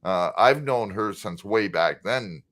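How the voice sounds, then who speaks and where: Very deep, slow-talking man host. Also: expressive, a bit bright. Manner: halting, many fillers. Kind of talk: casual online chat.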